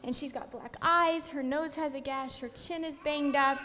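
Woman, high voice, animated storyteller, long hall reverb. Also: normal speed, a little hiss or hum. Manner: animated, acts out what people said. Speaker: guest. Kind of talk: personal storytelling.

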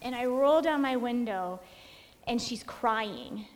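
A woman guest telling a personal story in an animated way, acting out what people said. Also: on the high side, slow. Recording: long hall reverb.

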